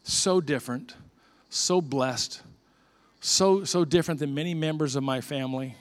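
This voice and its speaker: An older man preaches in an earnest, conversational way, often restarting his phrases. His voice sits a little higher than most men's. He sounds like a pastor talking plainly to his congregation. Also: moderate pace. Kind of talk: sermon.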